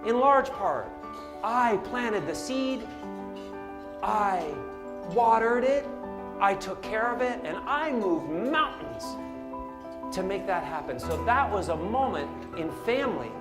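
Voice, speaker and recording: A man giving a storytelling speech, animated and humorous, with asides to the audience. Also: sits high, slow. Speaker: motivational speaker. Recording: roomy hall with music behind.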